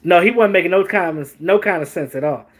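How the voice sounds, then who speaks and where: A man hosting a casual sports talk stream, animated, joking and swearing as he reacts to chat. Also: sits high, fairly quick. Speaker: host.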